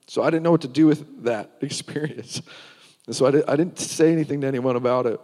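A man's voice: mid-range voice, fast talker, warm tone, in a large hall. A man preaching, telling his personal testimony in an earnest storytelling way.

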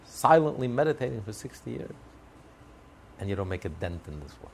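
A man's voice: lowish voice, very animated, a little fast, vocal fry, a little hiss or hum. A man teaching a Torah class with emphatic, repeated rhetorical questions and occasional chuckles.

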